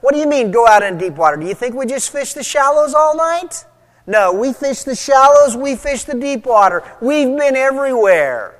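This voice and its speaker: A man preaching a sermon, retelling a story with lively, acted-out voices for the people in it. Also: very high-pitched, moderate pace. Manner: animated storytelling, acting out quoted voices. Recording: long hall reverb.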